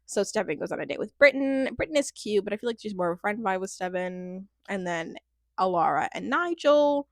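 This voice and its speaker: A woman's voice: medium pitch, expressive, a little fast, dry recording, studio quality. A young woman chatting casually as she recaps a reality show, giggly and candid, filling her talk with "like" and "um". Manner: chatty, giggly, full of fillers and asides; candid and playful. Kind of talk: casual chat.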